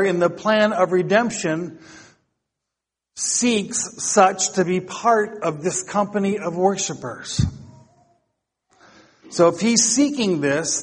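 A man with a high-pitched voice that has a breathy edge preaches a topical sermon. He speaks casually to his congregation, then reads psalms aloud with rising emphasis.

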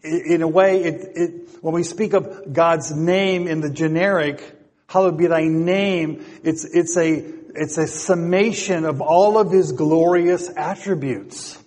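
Male preacher, high and slow, full of rhetorical questions, long hall reverb. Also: steady tone, darkish tone. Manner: asks rhetorical questions, repeats phrases. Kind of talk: sermon.

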